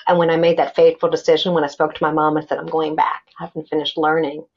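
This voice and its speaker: Animated woman telling her story, lo-fi. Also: low-pitched, fast, breathy edge. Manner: animated, acts out quoted voices. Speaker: guest. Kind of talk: personal storytelling interview. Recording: dull lo-fi sound.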